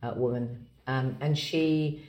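A woman chatting casually as an interview guest, animated and warm-hearted in her telling. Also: extremely low pitch, takes it slowly. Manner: animated, breaks into playful put-on voices.

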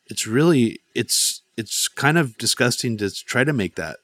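A man's voice: mid-range voice, animated, measured pace, fairly bright tone, no echo, clean studio sound. A man co-hosting a podcast in casual political chat, talking in a rambling way with many restarts. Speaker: podcast co-host.

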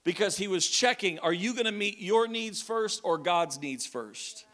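Bright, high-voiced male preacher; animated, joking sermon delivery. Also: measured pace. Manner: lively storytelling, jokes with the congregation, shouts at times.

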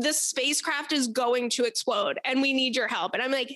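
A woman's voice: high voice, moderate pace, few pauses, no room sound. Chatty, profane young woman podcaster. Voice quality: animated, profane, rambling storyteller. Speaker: podcast host. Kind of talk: casual advice podcast chat.

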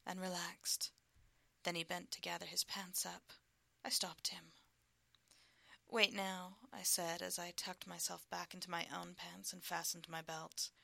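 A woman narrating a story as whispered role-play, hushed and slow. Her voice is low and gravelly with a crisp, bright edge. The recording is close and dry. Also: dry recording.

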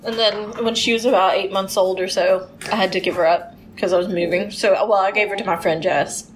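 A woman's voice: medium pitch, fairly even intonation, a little fast, slight background noise, rough recording. A woman co-hosting a casual podcast over drinks, rambling chattily with fillers. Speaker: podcast co-host.

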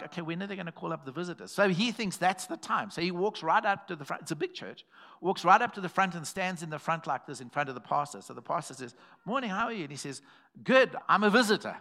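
A man preaching a sermon in a church, telling stories and calling out to the congregation. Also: a little high. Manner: animated, calls to the congregation, acts out quoted voices. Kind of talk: sermon with storytelling.

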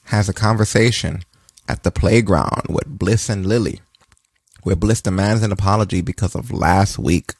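A man with a fairly low voice runs through last night's wrestling in a loose, joking way, swearing freely. The sound is dry and close, with no room around it. He talks like a regular co-host chatting. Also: creaky, darkish tone, breathy edge, no room sound. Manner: loose, profane, joking storytelling. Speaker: podcast co-host. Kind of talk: casual wrestling recap chat.

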